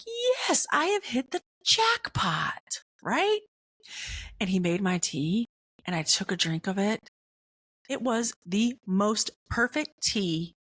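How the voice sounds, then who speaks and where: A middle-aged woman hosting a podcast, telling a personal story in a casual, animated way and jumping up in pitch for excited quotes. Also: no room sound, clean studio sound. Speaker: podcast host.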